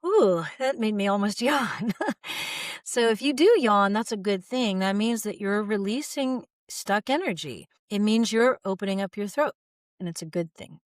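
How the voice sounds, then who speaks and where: A woman voice coach calmly guiding listeners through relaxation exercises, modeling sighs and open "ah" sounds. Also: medium pitch, moderate pace, dry recording, clean studio sound. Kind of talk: guided vocal exercise instruction.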